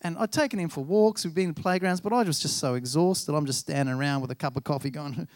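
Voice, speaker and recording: A man's voice: a little high, animated, quick pace, few pauses, a little mellow, no room sound. A man in his thirties, a pastor preaching a sermon in a chatty, self-deprecating way, acting out bits of dialogue as he tells stories. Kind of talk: sermon with personal storytelling.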